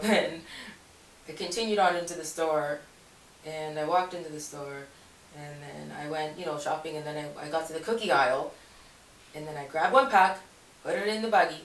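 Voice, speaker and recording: A woman's voice: low-pitched, moderate pace, a little hiss or hum. A woman telling a personal faith story in a casual, rambling way, often correcting herself and laughing. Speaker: Christian video blogger. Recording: echoey room, voice far from mic.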